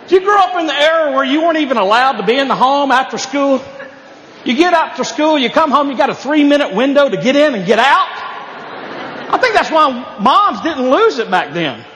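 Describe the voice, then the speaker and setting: High bright voiced comic guy from appalachia, folksy stand-up, echoey hall, crowd murmur. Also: very animated, brisk, slight background noise. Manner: folksy storytelling with punchy asides. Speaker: stand-up comedian. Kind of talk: stand-up comedy set. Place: live venue.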